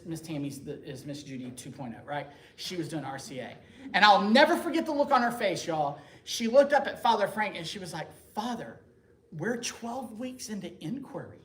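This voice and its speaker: Animated man telling his story, echoey room. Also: fairly high pitch. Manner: lively, joking, conversational, acts out the people in his story. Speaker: speaker giving a conversion testimony. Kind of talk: animated personal storytelling to a parish group. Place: church meeting room. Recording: echoey room, faint background noise.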